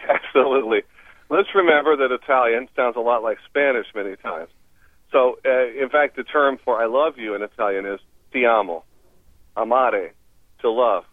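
This radio guest, a man and language expert, phones in to explain foreign phrases with a bright, teaching tone and easy laughter. His voice sits in the mid-range at a moderate pace, with no echo, though the phone line sounds tinny.

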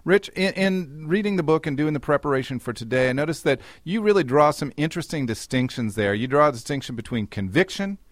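A male radio host interviewing a guest, guiding him with steady questions. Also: on the high side, fast, few pauses, dry recording, clean studio sound.

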